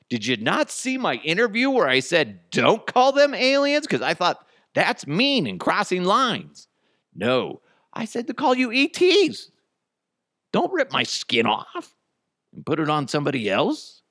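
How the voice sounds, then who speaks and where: A man putting on a shrill, whiny voice for a mocking woman pleading with aliens. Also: wildly swooping pitch, measured pace, fairly bright tone, no echo, studio quality, exaggerated voice.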